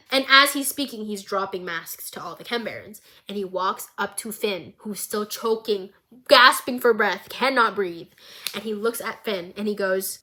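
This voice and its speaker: A woman's voice: medium pitch, moderate pace, pushed and bright. A woman vlogger giving a casual, chaotic show recap with jokey, rambling asides.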